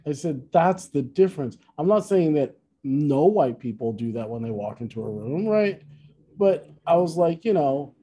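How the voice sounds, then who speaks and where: A man's voice: a little high, normal speed, breathy edge. A man in casual conversation, telling a story with lots of restarts and asides. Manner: rambling, self-correcting, animated retelling. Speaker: podcast co-host, musician.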